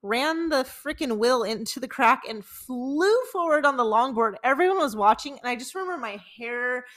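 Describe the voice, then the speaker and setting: A woman's voice: high voice, animated, normal speed, a bit bright. A woman in her twenties co-hosting a podcast, telling embarrassing stories in casual chat, full of "like" and laughter. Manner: chatty, many "like"s, laughing while telling stories. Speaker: podcast co-host.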